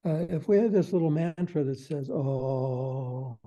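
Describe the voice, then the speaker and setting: A man's voice: on the high side, a little fast, dark tone, muffled recording. An older man, a guest expert on a podcast, explaining in a folksy way and acting out little quoted phrases with chuckles.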